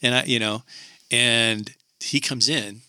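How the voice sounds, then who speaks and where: A man hosting a casual talk show, telling a story in an animated way and acting out the phone voices. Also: medium pitch, slow, smooth, no echo.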